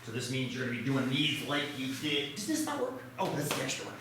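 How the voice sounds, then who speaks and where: This math teacher has a medium-pitched voice with big swings in pitch, and he speaks fast. He cracks jokes at his own expense while solving problems alongside his students, in an echoey classroom with background noise.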